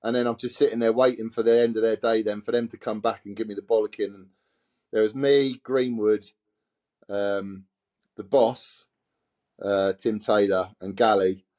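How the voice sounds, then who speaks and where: Hombre inglés de Essex, relato informal. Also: male voice, fairly low pitch, steady tone, moderate pace, a little mellow. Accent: Essex English. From England. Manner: swears freely, laughs while telling stories. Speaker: podcast guest. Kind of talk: casual storytelling.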